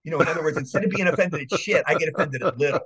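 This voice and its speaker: A man's voice: a little high, racing, a crowd in the background. An older man from Maryland, a guest actor, telling eager, rambling stories in a casual interview. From Maryland, USA. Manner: rambling, eager anecdotes with restarts.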